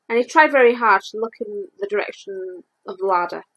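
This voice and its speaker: A woman reading a children's storybook aloud, lively and expressive. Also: mid-range voice, fairly quick, hardly any pauses, low-quality recording.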